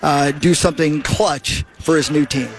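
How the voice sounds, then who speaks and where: A man hosting a sports radio show, telling stories in an animated, excitable way. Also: fairly high pitch, moderate pace. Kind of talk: casual sports radio banter.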